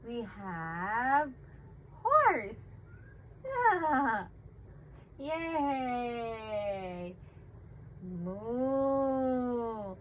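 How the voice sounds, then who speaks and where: A young mother reading a picture book to her baby in a slow, coaxing sing-song and making animal sounds. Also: high voice, sing-song, muffled recording, slight background noise.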